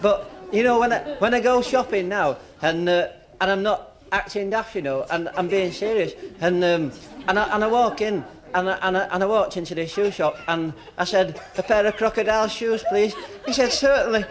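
A man's voice: high-pitched, moderate pace, hardly any pauses. A man doing stand-up, telling rambling jokes and chuckling between them. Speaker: stand-up comedian. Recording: noisy live club with loud crowd.

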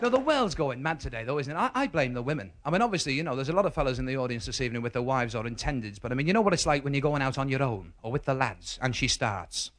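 A man with a Liverpool accent doing a stand-up comedy routine for a live audience, stammering through restarts and shouting his punchlines. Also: medium pitch, expressive, fast talker, hardly any pauses, a faint crowd, slight background noise.

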